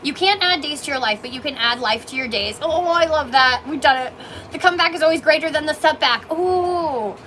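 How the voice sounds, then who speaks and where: A woman's voice: high voice, a little fast, pushed and bright, a little hiss or hum. A woman who owns a coffee shop, chatting on a livestream and reading out viewer comments in a bubbly, gushing, emotional way. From Canada. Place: small coffee shop, indoors.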